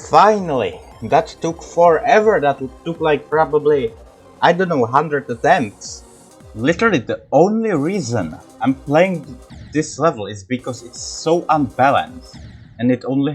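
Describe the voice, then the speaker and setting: A man's voice: medium pitch, lively intonation, unhurried, breathy edge, faint music behind. A man giving casual commentary over his own gameplay, exasperated and swearing often.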